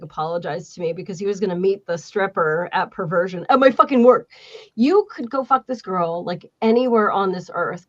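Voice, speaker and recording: A woman in her forties tells wild, profane stories in a relaxed chat. Her delivery is lively and unfiltered. The recording sounds dull and lo-fi. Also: medium pitch. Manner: profane, animated storytelling. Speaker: podcast host. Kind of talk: casual chat.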